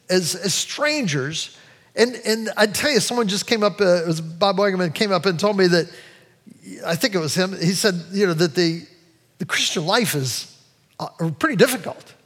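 A man's voice: sits high, fairly bright tone, in a large hall. A middle-aged male pastor preaching a sermon, telling stories in a rambling way and often restarting his sentences. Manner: rambling, self-interrupting storyteller.

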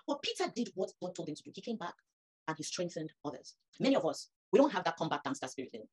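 Fast-talking woman preacher, husky. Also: lowish voice. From Nigeria. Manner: animated, rising to emphatic peaks. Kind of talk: sermon.

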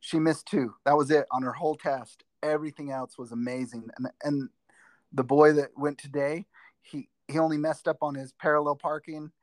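A man's voice: on the high side, moderate pace, dry recording. Chatty driving-instructor man telling stories. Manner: rambling, animated storyteller with many restarts. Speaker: driver's ed instructor and school teacher. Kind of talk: casual podcast chat, storytelling.

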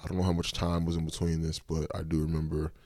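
A man's voice: a bass voice, monotone, fast talker, darkish tone, no echo, studio quality. A man hosting his own podcast, casually retelling a personal story in a loose, rambling way with lots of fillers. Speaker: podcast host.

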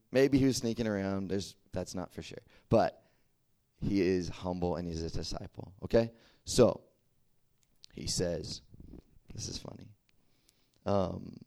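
A young man giving a casual, chatty sermon, full of fillers and quick asides to his listeners. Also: sits low, vocal fry. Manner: chatty and animated, full of "like" and "okay?". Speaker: preacher. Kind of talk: casual sermon to a youth group.

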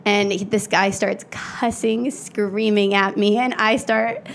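A young woman, an actor guest, telling stories in casual chat, lively and laughing often. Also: medium pitch, takes it slowly, creaky, slight background noise. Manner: animated, laughs often, acts out voices.

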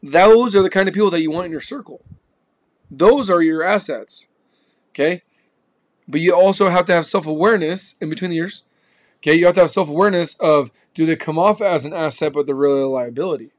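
A man's voice: fairly high pitch, fairly quick. Emphatic, slangy motivational man. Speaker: podcast host. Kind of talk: motivational talk.

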